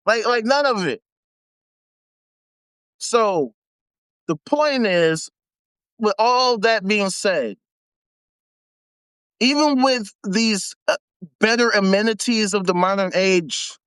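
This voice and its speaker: A man from the United States hosting a live stream, talking in a casual, animated, heavily profane and slangy rant, often repeating himself for emphasis. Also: very high-pitched, slow pace, clean tone, no room sound. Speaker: host.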